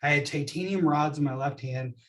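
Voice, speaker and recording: A man's voice: fairly high pitch, a little fast, a bit bright, distant mic. A man in his thirties, a podcast guest candidly telling a personal story and acting out the voices in it.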